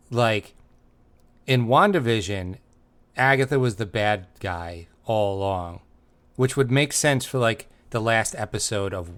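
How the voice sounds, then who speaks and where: A man's voice: lowish voice, fairly bright tone. A man hosting a comedy podcast, reading listener emails and teasing his co-host in dry, casual chat.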